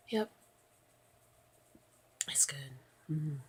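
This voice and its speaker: A woman's voice: lowish voice, gravelly, a little mellow, a little hiss or hum. A tired woman, rambling sleepily to her vlog camera at night and drifting into whispers. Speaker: vlogger. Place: at home in bed at night.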